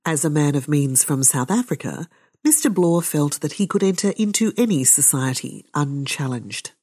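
A woman podcast host reading a novel aloud, measured and unhurried, with her own commentary. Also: low-pitched, sing-song, mellow, husky.

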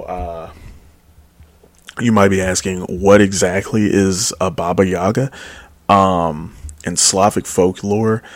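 A man with a deep, low voice talks through a music review in a loose, rambling way, full of fillers and self-corrections. He sounds enthusiastic about the music. The sound is dry and close, with no room echo. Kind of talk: casual album review.

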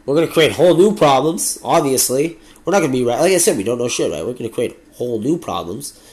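Solo podcast host: young Canadian man, mid-pitched, rants hotly and swears freely. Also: animated, fast talker, a little mellow. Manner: heated, profane ranting.

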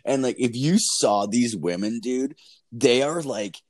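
A man's voice: medium pitch, lively intonation, measured pace, a little mellow. A young man casually telling a story, rambling and swearing with lots of fillers and laughs.

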